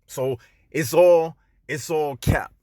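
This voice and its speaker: A man hosting his own commentary channel, preaching in an emphatic, scornful way, dropping into a low drawl and then jumping up into sharp outbursts, stretching out stressed words. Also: slow pace, no room sound, studio quality. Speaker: channel host.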